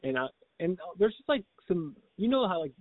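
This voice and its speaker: A man chats on a podcast, winding through a story with constant restarts and chuckles. His voice sits a little high, and it comes through tinny and phone-like. The sound is dry, with no room around it. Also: sing-song, normal speed, no room sound. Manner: rambling storyteller, lots of likes and restarts, laughs often. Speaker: podcast co-host. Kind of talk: casual chat.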